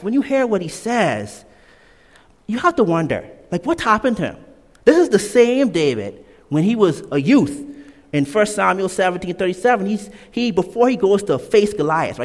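Lively emphatic preacher man in a reverberant hall. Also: fairly high pitch. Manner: emphatic, repeats key lines, casual asides. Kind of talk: sermon. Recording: long reverb of a large hall.

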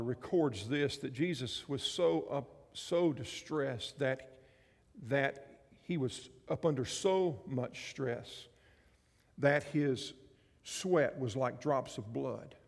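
A male pastor preaching a sermon, animated, swinging between loud passages and soft ones. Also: medium pitch, slow, gravelly, big-room sound.

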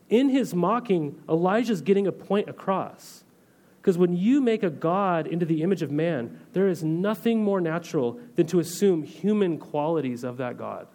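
A pastor gives a sermon-style teaching in a relaxed, conversational manner, reading scripture aloud and then explaining it in everyday terms with casual comparisons. His voice is a little high for a man and his pace is moderate. He often checks in with listeners through rhetorical questions.

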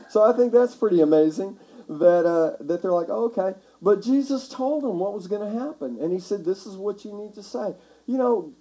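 A man preaching a sermon as pastor, talking conversationally and building to shouts for emphasis. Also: on the high side, poor audio. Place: church sanctuary.

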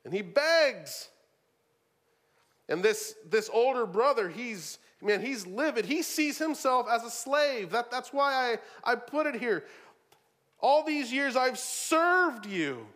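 A man preaching a sermon in an animated way, swinging from loud emphasis to quiet asides and often repeating words. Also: very high voice, slow.

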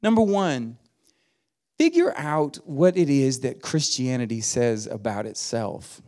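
A middle-aged man preaching from a church pulpit, his voice sitting at an ordinary middle pitch. He mixes folksy humor with mounting, emphatic exhortation. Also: expressive, measured pace, darkish tone. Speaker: guest preacher. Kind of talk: sermon. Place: church sanctuary.

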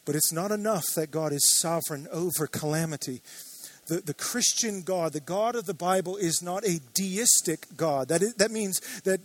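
High-voiced man preaching a sermon. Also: no room sound. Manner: earnest preaching, builds to emphatic declarations. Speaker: pastor.

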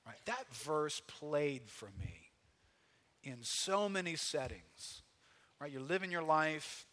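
A pastor preaching a folksy, conversational sermon, full of rhetorical questions and loud bursts of emphasis. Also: male voice, fairly high pitch, expressive, slow pace. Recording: long hall reverb.

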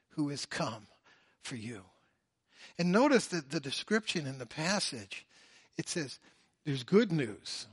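A man preaching a sermon, swinging between loud, drawn-out emphasis and hushed, low phrases. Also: slightly rough, dry recording, clean studio sound. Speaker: pastor.

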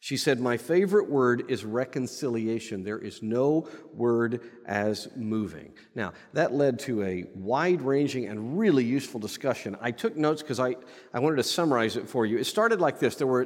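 A pastor preaching a sermon from the pulpit, animated and playful, with asides to the congregation. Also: male voice, mid-range voice, long reverb tail. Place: church sanctuary.

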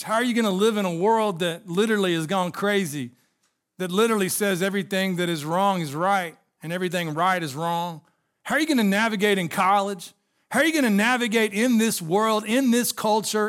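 Male pastor, high-pitched, earnest preaching with personal stories. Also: a bit bright. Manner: earnest, storytelling preacher addressing congregation. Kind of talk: sermon.

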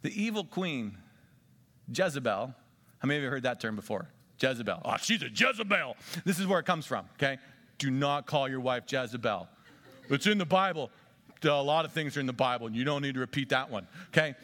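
A man preaching a sermon, animated, swinging between loud excitement and quiet intensity. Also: medium pitch, a little fast. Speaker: pastor.

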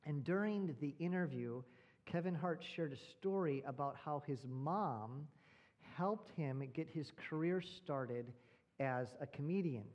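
A man's voice: on the high side, unhurried, dull audio. A male pastor preaching a sermon, telling a story and posing rhetorical questions.

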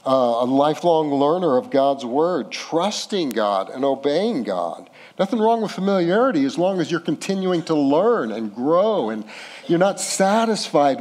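Man, pastor, sermon, conversational preaching, self-deprecating humor, mid-pitched voice. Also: darkish tone.

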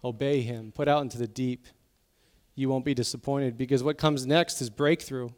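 A man pastor giving a sermon in a conversational, emotional way, sometimes dropping to soft, intense tones. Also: mid-range voice, fairly even intonation, normal speed. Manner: conversational preaching, acts out quoted voices.

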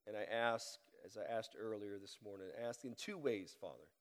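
A man with a head cold preaching a sermon, reading scripture aloud with a deliberately slowed cadence and praying. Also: on the low side, long reverb tail. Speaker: pastor. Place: church sanctuary.

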